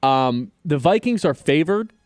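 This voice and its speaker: A man's voice: fairly high pitch, measured pace, no echo. A man hosting a casual sports betting talk show in a radio studio, reeling off stats and ranting at times. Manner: animated, runs through stats and rants.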